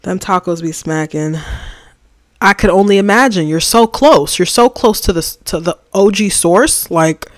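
A livestreamer chatting casually while designing, slangy and animated, reading and answering the chat and ranting about opinions. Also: medium pitch, normal speed, no echo, clean studio sound.

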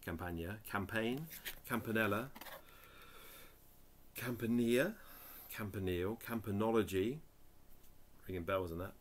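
A man's voice: fairly low pitch, a little slow, pauses often, a little hiss or hum. A man reading dictionary headwords aloud one by one, adding muttered, dry asides. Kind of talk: casual reading of word lists.

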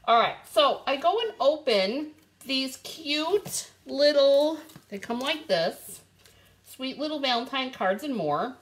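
A bubbly woman chats through a casual live stream, calling out viewers by name. Her voice sits a little high and swings widely up and down, and she talks at an easy, slow pace. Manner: lively rising and falling pitch. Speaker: live stream host showing craft supplies.

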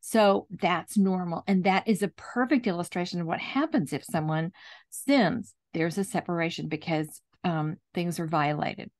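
A woman hosting a chat, calmly explaining forgiveness in a measured, teaching way. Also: on the low side. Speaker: host, Christian speaker.

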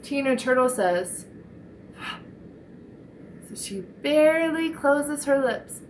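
Brief: woman speech teacher for kids, unhurried and encouraging, faint room hum behind. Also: high voice, lively intonation, a little mellow, poor audio. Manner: encouraging, demonstrating sounds slowly for children. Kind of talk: slow, clear children's speech lesson.

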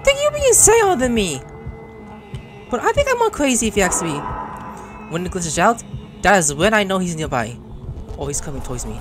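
Excitable gamer man with lively pitch. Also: a little fast, long pauses. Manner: excitable, swears and yells at the screen. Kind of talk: let's play commentary. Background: game music.

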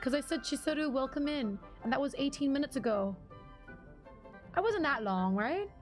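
High-voiced giggly woman streamer. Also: expressive, moderate pace, faint music behind. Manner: chatty, giggly, reads chat names aloud. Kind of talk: casual live-stream chat.

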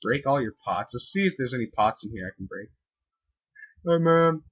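A man talks through a video game he's playing, excitable and quick to whoop or yell at it. His husky voice swings widely in pitch. The recording sounds dull and lo-fi. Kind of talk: let's-play commentary.

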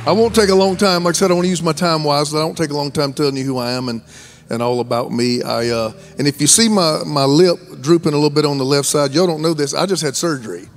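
A man in his fifties with a Southern American accent, a guest pastor preaching a sermon in a folksy, joking way that rises to shouted fervor. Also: a little high, fast, soft background music. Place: large church sanctuary.

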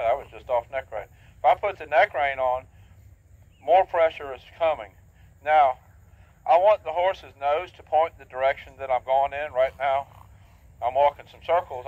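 Man teaching riding over thin audio. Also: mid-range voice. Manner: plain, steady explaining, practical. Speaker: horse trainer. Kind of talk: instructional talk while riding. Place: outdoor arena, on horseback. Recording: thin phone-like outdoor audio.

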